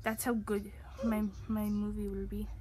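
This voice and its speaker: A woman voicing a silly, boastful young puppy who talks through a game, giddy and bragging, jumping between shouts and whispers. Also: medium pitch, completely flat delivery, normal speed, lightly acted. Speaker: channel host. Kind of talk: gameplay commentary in character.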